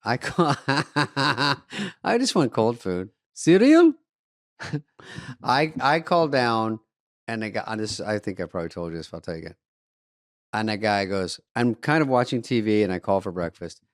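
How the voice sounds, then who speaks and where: A man's voice: lowish voice, animated, moderate pace, fairly bright tone, dry recording, clean studio sound. A middle-aged man co-hosting a podcast, telling comic stories in casual chat, acting out both sides of phone calls with swearing and laughter. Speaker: co-host. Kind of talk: casual comedic storytelling.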